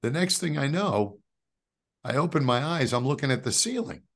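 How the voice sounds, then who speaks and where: A man, telling a personal faith story as a guest, jumping from loud outbursts to hushed asides. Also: mid-range voice, lively intonation, normal speed, vocal fry. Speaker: guest giving a faith testimony. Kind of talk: animated storytelling.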